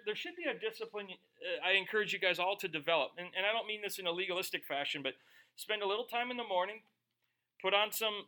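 A man's voice: high-pitched, bright, forceful tone. A middle-aged male pastor preaching a sermon in a conversational, joking way, acting out quoted voices.

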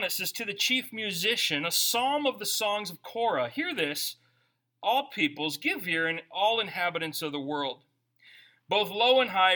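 A man preaching a sermon as pastor, conversational and animated, asking his listeners questions. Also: high-pitched.

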